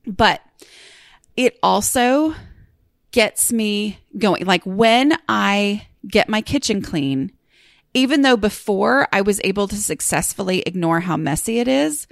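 A woman's voice: medium pitch, no room sound, studio quality. A woman hosting her own podcast, talking in a chatty, confiding way with sighs and emphatic repeats. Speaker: podcast host. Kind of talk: casual solo podcast talk.

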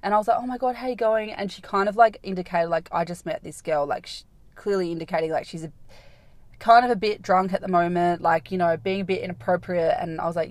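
A young woman with a fairly low, brisk voice hosts a podcast, telling a rambling story about a night out in a casual monologue. It's packed with "like" fillers and swearing, and there's no echo.

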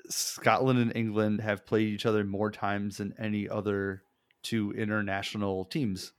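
A man's voice: lowish voice, flat delivery, normal speed, no echo, clean studio sound. A man chatting casually on a podcast, rambling and laughing often, swearing freely. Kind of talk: casual chat.

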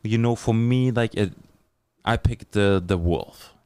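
A German-accented man hosts a live podcast. He talks in a low-pitched, upbeat way, hyping his sponsors and guests. The sound is close and dry. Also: a little slow, warm tone, clean tone, no room sound. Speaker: podcast host. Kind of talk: live podcast chat and read ads.

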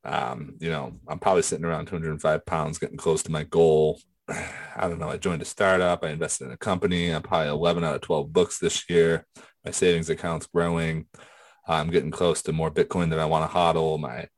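A man's voice: extremely low pitch, flat delivery, a little fast, no echo. A man co-hosting a podcast, chatting casually and rambling with many restarts. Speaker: podcast co-host.

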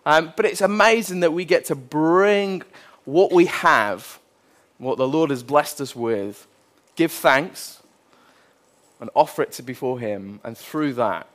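A man's voice: medium pitch, fairly bright tone. A man, preaching a sermon in a conversational way and asking his listeners many rhetorical questions. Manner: conversational, with playful acted quotes and rhetorical questions. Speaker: pastor.

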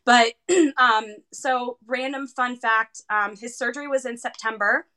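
A woman whose child is a heart patient tells a long personal story as an interview guest. Her voice is somewhat high, bright and clear, and she is animated, often pausing on fillers.

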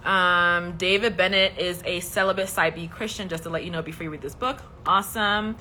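A woman's voice: fairly low pitch, fairly even intonation, a little fast, pushed and bright, slight background noise. A woman hosting a casual faith livestream, speaking in an emphatic, preachy way and often checking in with "okay?". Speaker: host.

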